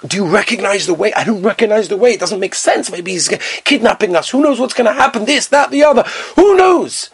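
Man playing a nervous passenger, high voice, quick worried questions, stammers. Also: big pitch swings, gravelly, a bit bright, breathy edge, dry recording, exaggerated voice. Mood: anxious. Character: anxious male bus passenger, fretting.

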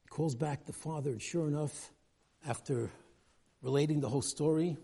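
A man's voice: a little high, normal speed, gravelly, dark tone, husky. A man giving a weekly religious talk, telling a story animatedly and acting out the people in it. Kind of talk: storytelling sermon.

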